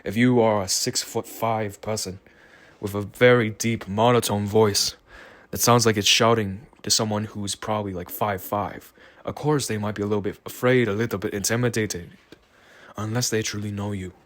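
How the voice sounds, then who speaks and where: Slow, rambling man with a low voice. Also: steady tone. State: tired. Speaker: vlogger. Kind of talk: reflective solo monologue.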